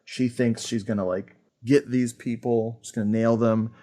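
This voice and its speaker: A man hosting a podcast, chatting casually about an old film, animated and full of fillers and laughter. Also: medium pitch, moderate pace. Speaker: podcast host. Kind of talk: casual film review chat.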